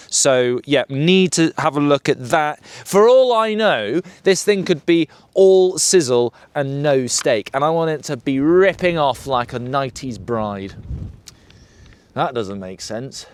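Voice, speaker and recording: A man's voice: on the high side, clear, resonant tone, no room sound. A British man chatting to camera about his motorbike, jokey and full of slang and banter. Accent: British English. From United Kingdom. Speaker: motorbike vlogger. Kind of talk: casual chat to camera.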